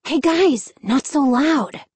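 A woman's voice: on the high side, animated, normal speed, dry recording. A woman voicing a nervous boy who tries to sound tough, in a storybook reading. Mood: uneasy. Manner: insistent, cautious. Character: nervous boy trying to act tough, Danny.

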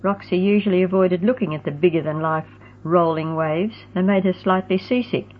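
A woman narrating a storybook in a steady, even reading voice. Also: on the low side, moderate pace. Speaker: audiobook narrator. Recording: tinny phone-like sound.

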